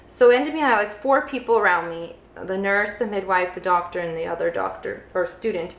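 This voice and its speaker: A woman's voice: mid-range voice, brisk, creaky. A young woman vlogger telling a personal story casually, peppering her speech with "like" fillers. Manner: chatty, heavy use of "like" fillers. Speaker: vlogger, first-time mother. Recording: roomy echo.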